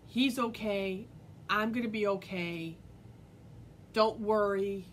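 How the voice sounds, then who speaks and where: A woman's voice: mid-range voice, slow, a little hiss or hum, rough recording. Rambling woman telling a personal story. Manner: rambling, filler-heavy, earnest. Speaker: vlogger. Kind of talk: casual personal storytelling to camera.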